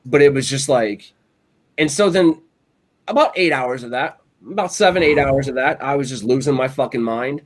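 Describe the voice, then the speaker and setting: A man's voice: medium pitch, moderate pace. A man co-hosting a casual podcast, telling rambling stories full of "like" and "you know what I'm saying". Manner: rambling storyteller, animated, lots of "like" and "you know". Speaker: podcast co-host. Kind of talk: casual chat.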